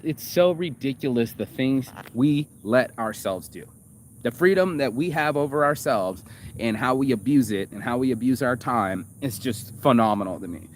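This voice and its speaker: A man of middle pitch talks off the cuff in a loose, rambling monologue. He swears freely and trips over fillers and restarts. A faint hiss runs underneath. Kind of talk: casual monologue reacting to a video.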